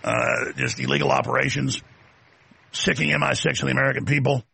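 A man's voice: medium pitch, sing-song, brisk, creaky, bright, forceful tone, husky, no echo. A man hosting a talk show, delivering a sarcastic, ranting monologue. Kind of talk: opinionated monologue.

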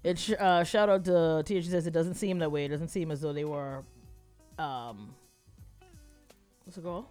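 A lively co-host talks loosely and reads viewer comments aloud in a relaxed chat. Soft music sits faintly in the background. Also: medium pitch, normal speed, pauses often. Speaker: podcast co-host. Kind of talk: casual chat.

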